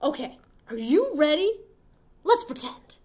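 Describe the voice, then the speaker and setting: A woman leading a preschool story time, singing and talking in a bright, sing-song, encouraging way. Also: sits high, big pitch swings, unhurried. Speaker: children's librarian.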